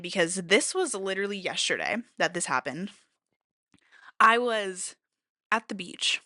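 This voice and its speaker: A young woman with a bright, sharp tone chats through a story for her podcast. She fills her talk with "like" and jumps high in pitch whenever she quotes someone. The sound is dry and close. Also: no echo. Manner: chatty, leans on fillers and "like". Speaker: podcast host. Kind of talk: casual storytelling chat.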